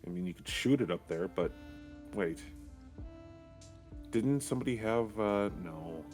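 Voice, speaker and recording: A man with a low voice speaks very slowly as a player at a tabletop game. He stumbles and restarts often as he asks questions. Faint music sits behind him. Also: animated, darkish tone. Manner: hesitant, restarts a lot. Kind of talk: casual tabletop play.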